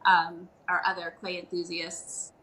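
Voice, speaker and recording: Bright-voiced woman, hesitant and chatty. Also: lowish voice, monotone, a little slow, low-quality recording. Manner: warm, hesitant with many ums. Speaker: guest potter. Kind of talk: casual chat.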